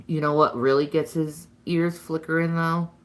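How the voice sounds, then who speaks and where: A woman's voice: low-pitched, fairly even intonation, moderate pace. A woman chatting casually with viewers on a live stream, answering comments and cooing to her pets now and then.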